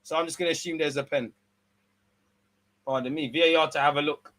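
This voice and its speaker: A man's voice: fairly high pitch, a little fast. Slangy man. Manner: casual slangy banter, swings between excited and mumbled. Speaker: watch-along streamer. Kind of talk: live watch-along football commentary.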